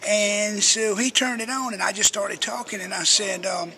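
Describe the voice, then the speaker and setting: A man's voice: high-pitched, normal speed, sharp tone. An older man, a radio personality telling rambling, folksy stories as an interview guest. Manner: folksy, chatty storyteller who acts out quotes.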